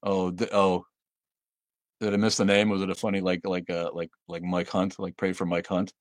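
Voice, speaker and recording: A man's voice: low voice, level tone, moderate pace, no room sound, clean studio sound. A man hosting a casual livestream, reading viewer comments aloud and answering them bluntly and sardonically, with frequent fillers and laughs. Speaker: livestream host.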